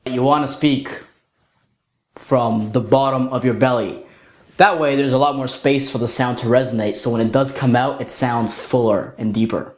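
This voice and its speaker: A young man coaching other men in a lesson-style talk, sometimes showing off high and deep voices. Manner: demonstrates voices, jumps to falsetto and deep tones. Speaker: dating coach. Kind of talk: instructional talk. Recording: roomy echo.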